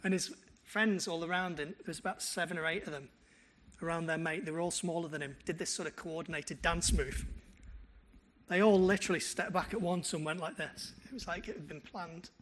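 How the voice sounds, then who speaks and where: A man's voice: a little high, fairly quick, a little hiss or hum. A male pastor, preaching a sermon and telling stories with quoted dialogue. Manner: animated storytelling with quoted dialogue.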